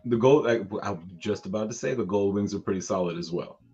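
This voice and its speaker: A man's voice: lowish voice, quick pace, a little mellow, highs cut off, faint music behind. A man co-hosting a casual livestream, laid-back and laughing often. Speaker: livestream co-host. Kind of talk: casual chat.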